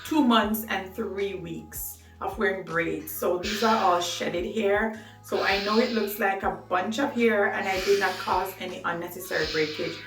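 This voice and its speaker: In a casual to-camera video, a woman chats about hair care with lots of enthusiasm and frequent laughter. Her voice is medium-pitched and unhurried. The mic sits at a distance in a roomy, echoey space, with faint music underneath.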